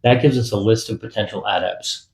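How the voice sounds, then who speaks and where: A man voicing a determined, quick-tempered young woman in an audiobook, pressing everyone urgently. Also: lowish voice, darkish tone, reverberant, natural voice, poor audio. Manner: urgent and insistent. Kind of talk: audiobook character voice.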